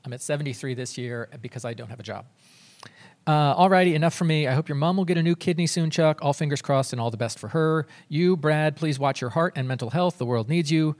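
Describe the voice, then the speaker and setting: A man co-hosting a podcast, reading a listener email aloud in a dry, measured way. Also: fairly high pitch. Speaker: podcast co-host.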